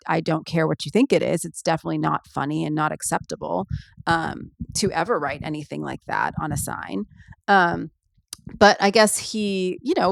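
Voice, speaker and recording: Low, gravelly-voiced woman podcaster. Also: dry recording, studio quality. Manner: rambling, full of ums and asides. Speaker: podcast host. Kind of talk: casual solo podcast chat.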